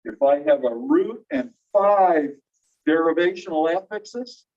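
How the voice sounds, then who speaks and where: A fairly high-voiced teacher gives a classroom lecture, walking through each point in order and quizzing his students as he goes. He speaks slowly with a darkish tone. Recorded on a phone across the room, he sounds distant, muffled and dull.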